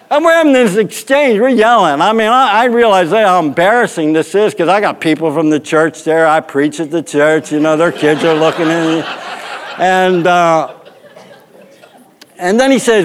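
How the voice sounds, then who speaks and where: A man's voice: on the high side, expressive, normal speed, clear, resonant tone. A male pastor telling a rambling, funny anecdote in a sermon, often laughing. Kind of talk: storytelling sermon.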